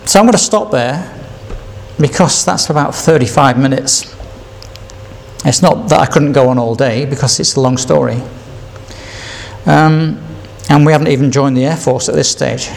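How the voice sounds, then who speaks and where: A man's voice: a little high, vocal fry, a little hiss or hum. An older man telling a rambling personal testimony, repeating himself and chuckling between memories. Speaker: speaker sharing his testimony.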